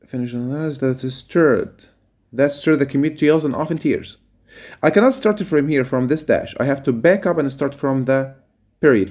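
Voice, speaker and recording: A male teacher working through a reading passage, reading lines aloud and stopping to explain vocabulary. His pitch sits in a middle range, and he often pauses with fillers as he thinks. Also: a little mellow.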